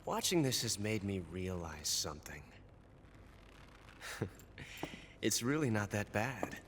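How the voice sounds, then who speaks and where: A cocky young officer. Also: male voice, on the low side, very animated, slow pace, a bit bright, full character voice. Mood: smug. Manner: smug, taunting. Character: young arrogant male officer, cocky and taunting. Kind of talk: video game cutscene acting. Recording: game audio with clear background noise.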